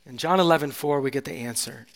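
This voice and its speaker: A man's voice: medium pitch, fast talker. Impassioned male pastor in a reverberant hall. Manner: impassioned, builds to loud climaxes, drops to soft near-whispers. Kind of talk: sermon.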